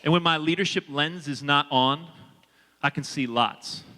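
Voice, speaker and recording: High bright-voiced man speaking in a hall. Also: unhurried. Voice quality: energetic, animated and audience-engaging. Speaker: leadership speaker. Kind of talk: motivational talk to students. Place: large hall with a student audience. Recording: reverberant hall with a long echo.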